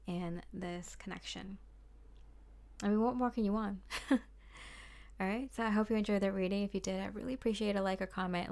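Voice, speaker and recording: A young woman giving a casual tarot reading, rambling and chatty, with lots of fillers and small laughs. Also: medium pitch. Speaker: tarot card reader.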